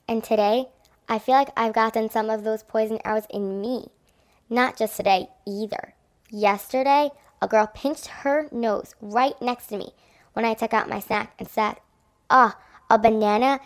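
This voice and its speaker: A woman voicing a hurt, shy young girl who is new at school, in a children's audio drama, speaking softly and hesitantly. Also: a little high. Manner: soft, hesitant, confiding.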